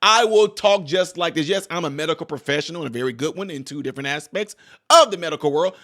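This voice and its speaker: A man giving heated reaction commentary, ranting and mocking, swinging from shouts to low mutters. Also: expressive, quick pace. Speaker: commentator reacting to a news clip.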